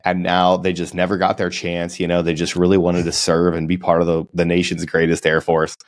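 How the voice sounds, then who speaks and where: A man with a very deep voice co-hosts a casual podcast. He tells stories in a loose, joking way and laughs often. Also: completely flat delivery, brisk, no room sound. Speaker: podcast co-host.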